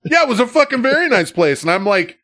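A man telling a story in casual podcast chat, swearing freely and shouting when he acts out the scenes. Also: very high voice, fast, no echo, clean studio sound. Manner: profane, animated storyteller who shouts when acting out scenes.

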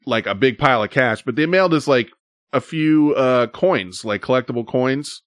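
A man's voice: mid-range voice, lively intonation, normal speed, no echo. A man in casual conversation, telling a long, exasperated story that wanders and swears freely. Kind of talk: casual chat.

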